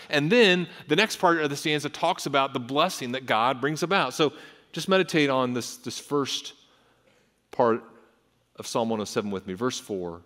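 A pastor preaching a sermon in earnest, with frequent repetitions and restarts, and his pitch and force rise when he reads scripture. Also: expressive, normal speed, a bit bright. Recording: long hall reverb.

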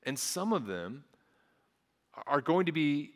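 Man, pastor, earnest sermon, stumbles over repeated words, bright tone, echoing hall. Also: on the high side, sing-song, slow. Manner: earnest, repeats words, acts out voices of onlookers.

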